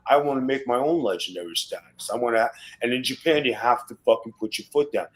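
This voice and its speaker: A man's voice: medium pitch, quick pace, low-quality recording. Swaggering, foul-mouthed man in his fifties. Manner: profane, blunt and swaggering. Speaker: podcast guest, former wrestler. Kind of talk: casual podcast storytelling.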